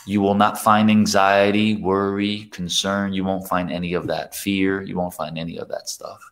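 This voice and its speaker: A man with a low voice preaches a heartfelt sermon as the show's host. He talks in earnest bursts, repeating words as he gathers his thoughts, and often sinks into a soft, near-hushed delivery. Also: flat delivery, moderate pace. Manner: often drops to a soft, quiet voice. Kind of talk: preaching to camera.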